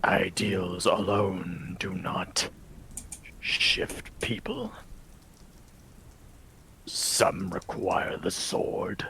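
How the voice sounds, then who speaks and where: A man's voice: fairly even intonation, bright, forceful tone, slight background noise, exaggerated voice, rough recording. Man doing a whispering undead knight. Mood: menacing. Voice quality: low gravelly whisper. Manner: slow, menacing and solemn. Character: grim undead male knight commander, bitter and vengeful.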